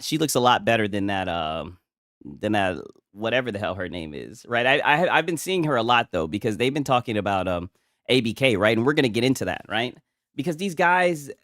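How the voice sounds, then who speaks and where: A man's voice: mid-range voice, fairly bright tone, no echo, studio quality. A man hosting casual gaming commentary from a home setup, talking in a profane, mocking way and laughing often.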